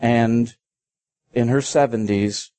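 A man preaching a sermon in an earnest, halting way, slowing down to read quoted passages. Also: medium pitch, steady tone, mellow, dry recording. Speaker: pastor.

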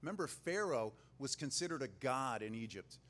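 A man's voice: mid-range voice, very animated, moderate pace, fairly bright tone. A man preaching a sermon in a casual, joking way, retelling a Bible story. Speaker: pastor.

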